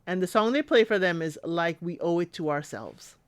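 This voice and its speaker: A woman's voice: lowish voice, expressive, normal speed, clear, resonant tone, no room sound. A woman recapping a reality show in casual commentary, chatty and talking back to the people she describes. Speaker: recap host.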